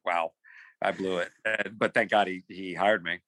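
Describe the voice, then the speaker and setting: Animated man telling a story, bright voice. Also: sits low, normal speed, no echo, low-quality recording. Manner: animated, repeats words, acts out quotes. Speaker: podcast guest. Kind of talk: casual storytelling.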